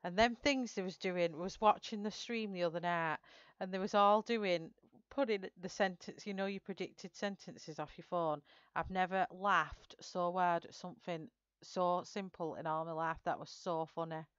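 Chatty giggly woman, low smooth voice. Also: normal speed, no echo, lo-fi sound. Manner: chatty and giggly, greets viewers by name. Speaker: livestream host colouring live. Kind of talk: casual chat while colouring.

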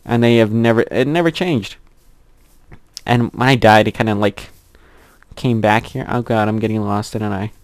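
A man's voice: moderate pace, clear, resonant tone, no echo. Giggly young man narrating his gameplay. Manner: chatty, giggly, rambling to himself; squeals in a high voice at cute animals. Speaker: gameplay commentator. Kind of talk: casual gameplay commentary.

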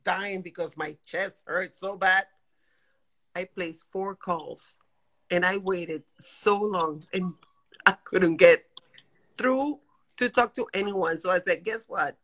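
A woman in her forties, calling into a live video chat, emotional and animated as she vents and laughs. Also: fairly low pitch, takes it slowly. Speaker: guest caller on a live stream.

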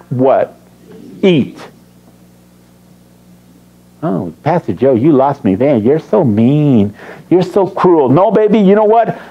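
A man's voice: on the high side, darkish tone. A man preaching a sermon as pastor, teasing and quizzing his congregation. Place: church sanctuary.

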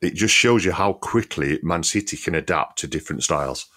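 Deep-voiced guy chatting football on a podcast, laid back, lots of "you know"s. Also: a little fast, pushed and bright. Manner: easygoing, many "you know" fillers, laughs often. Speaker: podcast co-host, former player. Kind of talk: casual football chat.

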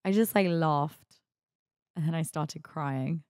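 Young woman podcasting solo, low-ish voice, super chatty and confessional, dry close sound. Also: takes it slowly, darkish tone, no room sound. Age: 20s. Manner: chatty and confessional, lots of "like" and "you know". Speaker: podcast host. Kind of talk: candid solo podcast monologue.

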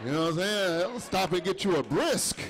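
A middle-aged man with a high voice performs stand-up on a comedy club stage, talking a little fast as he tells animated stories with acted-out dialogue. The live recording carries faint crowd noise and audience laughter.

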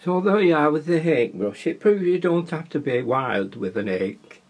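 This Wigan-accented man, from Wigan in England, has a fairly high, animated, slightly rough voice with a darkish tone and moderate pace. He gives a relaxed, chatty watercolour lesson, regularly questioning viewers and muttering as he paints.

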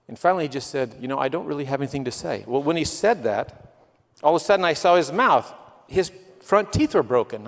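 Earnest man preaching in a reverberant church. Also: fairly high pitch. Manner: earnest storytelling, quoting people, swells with emotion. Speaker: guest missionary. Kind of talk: missionary testimony sermon. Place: church sanctuary.

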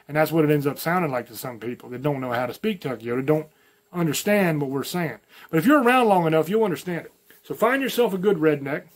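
Southern male host, light drawl, blunt and folksy, a touch higher-pitched, plainspoken monologue. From American South, mountains. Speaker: channel host. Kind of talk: opinion monologue to camera.

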